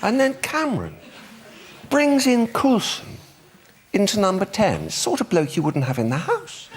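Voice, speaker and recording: A man's voice: sits high, huge pitch swings, unhurried, very noisy. A British man on a comedy panel, telling rambling anecdotes with sardonic asides. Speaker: panel show regular. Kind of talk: casual comic banter.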